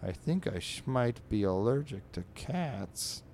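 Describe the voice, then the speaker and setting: A man voicing a sneezy, mopey male cartoon cat in a high squeaky voice. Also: expressive, unhurried, darkish tone, a little hiss or hum. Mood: glum.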